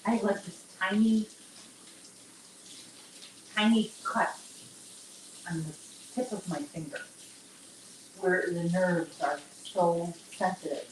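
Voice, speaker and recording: A woman chats her way through a relaxed crochet livestream. She talks slowly and rambles from one thought to the next, addressing her viewers directly. Her voice sits on the low side. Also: a little hiss or hum, rough recording. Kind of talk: casual livestream chat.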